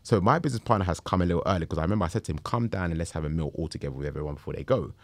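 A man, telling a story in a casual interview, animated and slangy. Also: low voice, very fast, dry recording. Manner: animated, slangy, acts out quotes. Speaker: travel group founder.

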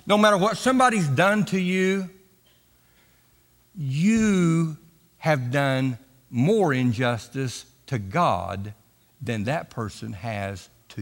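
A man preaches a dramatic sermon, stretching his words and calling the congregation to repeat after him. His voice sits high and swoops widely, with a bright, forceful edge. It rings with a long hall reverb. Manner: dramatic, drawn-out preaching with call-and-response. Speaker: pastor.

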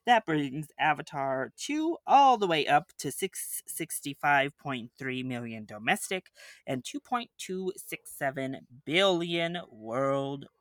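A man's voice: fairly high pitch, big pitch swings, takes it slowly, no echo, studio quality. A man co-hosting a casual movie podcast, reading box office numbers and ranting with profanity. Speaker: podcast co-host. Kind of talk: casual chat.

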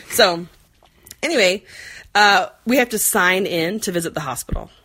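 A woman's voice: mid-range voice, lively intonation, a little slow, pushed and bright, husky. A woman in her forties telling a rambling story in casual chat, full of fillers and playful put-on voices. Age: 40s. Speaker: podcast co-host.

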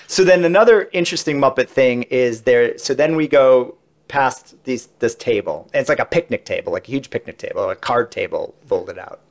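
A man telling a story in a casual podcast chat. He talks conversationally with frequent fillers and grows animated and excited over the exciting parts. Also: medium pitch, moderate pace. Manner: animated, rising excitedly when describing amazing moments.

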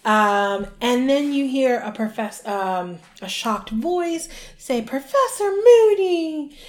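Her voice sits fairly high with lively intonation. She co-hosts a podcast and retells a book chapter in easygoing talk, acting out the characters' dialogue in quick affected voices.

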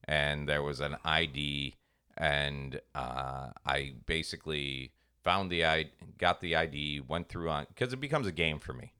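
A man with a low voice and a crisp, smooth, bright tone tells rambling stories on a casual podcast. He slips into the voices of the people in his anecdotes as he goes. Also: measured pace. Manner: animated storyteller, acts out voices in anecdotes. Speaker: podcast co-host. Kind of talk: casual chat, storytelling.

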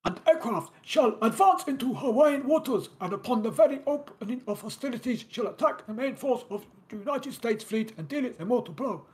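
A man's voice: extremely high pitch, lively intonation, a little fast, few pauses, darkish tone, slight background noise, voice pushed up. A man voicing a male naval commander reading out orders in a stilted, robotic mock-foreign accent. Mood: stiff.

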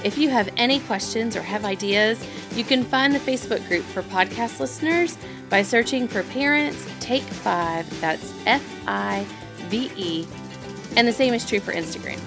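A woman who hosts a faith-based parenting podcast and serves as an associate pastor. She reads a scripted welcome, then asks measured questions. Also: medium pitch.

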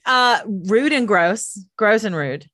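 A woman co-hosting a podcast, reacting with quick jokes and teasing comments. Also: medium pitch, expressive, a bit bright, no room sound, studio quality. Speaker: podcast co-host. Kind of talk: casual chat.

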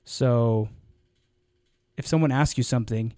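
A man co-hosting a podcast in casual chat, animated and rambling, with lots of fillers and restarts. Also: medium pitch, measured pace, no room sound, studio quality. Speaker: podcast co-host.

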